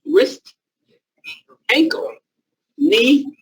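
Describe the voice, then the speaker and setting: A man with a high, bouncy voice leads a live training class, pushing a volunteer with short repeated commands. He takes his time with each phrase in loose, informal wording. He sounds set back from the microphone in the room. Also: wildly swooping pitch, very slow, a bit bright, recorded from a distance, slight background noise, poor audio. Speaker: naturopath leading a training class. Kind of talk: live hands-on demonstration to a class.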